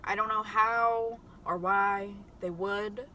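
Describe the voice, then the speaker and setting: Young woman vlogging, super bright sharp voice, swears a lot, chatty and lively. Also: on the high side, very slow, slight background noise. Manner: profane, chatty and animated. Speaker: mukbang vlogger. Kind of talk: casual storytelling to camera.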